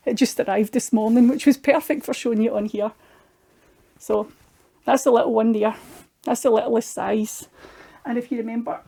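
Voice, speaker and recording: A middle-aged Scottish woman with a fairly high, mellow voice chats casually through her craft projects. This craft vlogger's show-and-tell is homely and full of little restarts.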